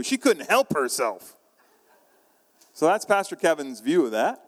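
A man's voice: a little high, big pitch swings, a little slow, long pauses. A man preaching a sermon as pastor, telling a story in a conversational way with frequent restarts. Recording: long reverb of a large hall.

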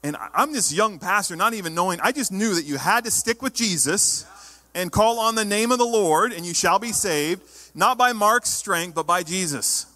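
A man preaching a sermon as pastor, emphatic, sometimes rising to loud exhortation. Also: high-pitched, animated, normal speed, long reverb tail.

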